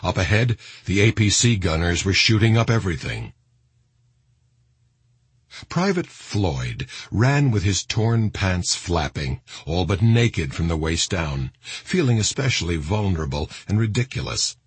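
A man's voice: low voice, sing-song, measured pace, breathy edge, no room sound. A man doing a dramatic scripted audiobook narration, reading with wide swings in emphasis.

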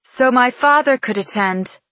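A woman's voice: mid-range voice, measured pace, dry recording, pitched above the performer's own voice. A woman voicing a proud, sneering young noblewoman in an audiobook reading. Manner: sneering, sharp-tongued.

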